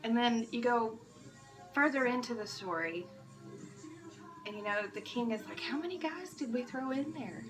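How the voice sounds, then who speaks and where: A woman's voice: on the high side, animated, moderate pace, pauses often, far from the mic, low-quality recording. A woman giving an earnest, emotional devotional talk to church kids, restarting her phrases often. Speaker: church kids' devotional speaker. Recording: music behind, voice a bit off-mic.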